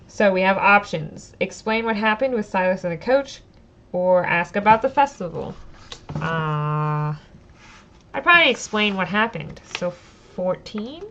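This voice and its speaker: Woman, gamebook reader, casual asides, mid pitch, muffled lo-fi audio. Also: lively intonation, unhurried, fairly bright tone, a little hiss or hum. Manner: casual, self-deprecating, muses over choices. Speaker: streamer reading a solo gamebook. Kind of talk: reading aloud with casual asides.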